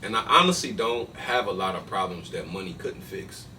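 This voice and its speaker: A man with a low, bright and forceful voice talks casually on a podcast, slangy and full of restarts. He sits a little back from the mic, with faint noise in the background. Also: expressive, normal speed, recorded from a distance. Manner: loose, slangy talk with many restarts. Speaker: podcast host. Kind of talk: casual chat.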